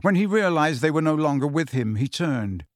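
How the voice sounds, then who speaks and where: Male audiobook narrator, steady scripted reading, fairly high pitch. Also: moderate pace, dry recording. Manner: steady storytelling. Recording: dry close studio sound.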